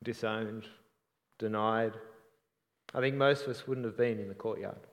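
A man preaching a sermon in an earnest, reflective way, often trailing off softly at the ends of phrases. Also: lowish voice, fairly even intonation, measured pace, big-room sound.

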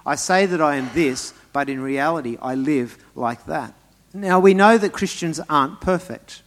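A man preaching a sermon, emphatic, swinging between loud stresses and quiet asides and putting questions straight to the congregation. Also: on the high side. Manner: speaks to the congregation directly with rhetorical questions. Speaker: pastor.

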